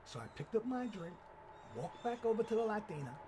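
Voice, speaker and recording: Animated man telling a story. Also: sits high, fairly quick, background noise. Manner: animated storyteller, acting out quoted voices. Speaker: channel host. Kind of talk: personal storytelling commentary.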